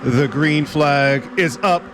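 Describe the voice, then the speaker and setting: A man calls a virtual race with a slightly raised pitch, mixing play-by-play with sarcastic jokes. Loud car engines roar behind his voice throughout. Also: slow pace. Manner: jokey, sarcastic asides. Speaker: race commentator. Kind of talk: sim racing play-by-play commentary. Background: race car engine noise.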